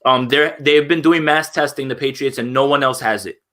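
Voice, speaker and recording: A man co-hosting a casual football chat, animated and opinionated, with frequent restarts. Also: medium pitch, normal speed. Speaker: podcast co-host.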